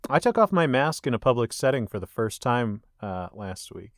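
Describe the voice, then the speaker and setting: A man's voice: mid-range voice, very animated, normal speed, no room sound, studio quality. A man co-hosting a casual comedy podcast, joking and laughing often as he talks. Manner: jokey, laughs often while talking. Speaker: podcast co-host.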